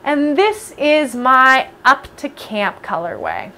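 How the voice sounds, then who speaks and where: A woman's voice: high-pitched, huge pitch swings, slow, sharp tone. Chatty woman podcast host, rambling casually. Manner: chatty, rambling, self-deprecating. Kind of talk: casual chat. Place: home basement room with space heater.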